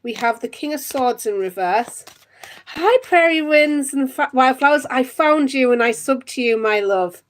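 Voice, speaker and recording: A woman's voice: fairly high pitch, lively intonation, moderate pace. A woman in her thirties from Northeast England with a Northeast English accent, reading tarot on a live stream and chatting to viewers with lots of giggles. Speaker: tarot reader.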